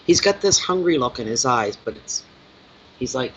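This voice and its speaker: This man reads tarot and chats loosely on a live stream, cooing fondly at his cat as he rambles. His voice runs on the high side, fairly bright, with lively intonation at a normal speed. The recording sounds dull and lo-fi with slight noise.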